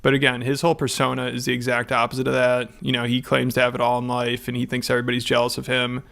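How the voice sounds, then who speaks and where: A man's voice: mid-range voice, monotone, fast talker, gravelly, a bit bright. A man narrating a commentary video in a mocking, sarcastic scripted style.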